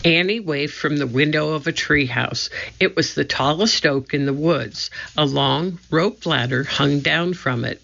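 An audiobook narrator reading a children's storybook in a slow, measured way, on a dull lo-fi recording. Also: mid-range voice, gravelly, a bit bright.

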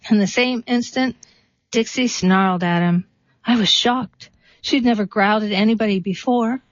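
A woman reading a short story and then a poem aloud, steady and unhurried. The recording is dry and a little dull, as if made close up on a modest microphone. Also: mid-range voice, no echo. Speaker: reader.

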